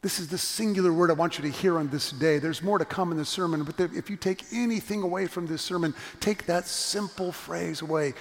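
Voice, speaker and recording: Speaking a little fast with few pauses, a middle-aged male pastor with a fairly high voice delivers a sermon in a church sanctuary. He tells a story earnestly and hammers his point through repetition, with long church-hall reverb behind him.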